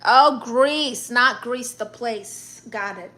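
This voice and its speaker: A woman's voice: fairly high pitch, slow, sharp tone. A woman voicing a brash, boastful, middle-aged aunt from Brooklyn who plays at being a therapist, hosting a livestream and reading out chat comments with blunt sass and a Brooklyn accent. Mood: sassy. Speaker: livestream host.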